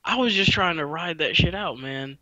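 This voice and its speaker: A young man hosts a podcast and tells a rambling, profane story in a relaxed way. His voice is bright and forward. The sound is dry and a little dull, like a cheap close mic. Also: fairly high pitch, normal speed, no echo. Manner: rambling, profane, laid-back. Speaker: podcast host. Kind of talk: casual storytelling.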